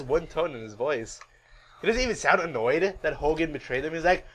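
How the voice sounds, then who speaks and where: Excited guy ranting on a podcast, cusses a lot, voice jumps all over. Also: on the high side, a little fast. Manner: excitable, swearing, laughs at his own rant. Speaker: podcast co-host. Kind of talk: casual chat recapping a wrestling event.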